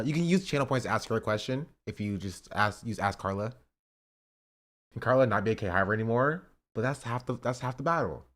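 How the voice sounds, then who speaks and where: A young man streaming live, chatting casually with his viewers, pleading and joking. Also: lowish voice. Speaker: livestreamer.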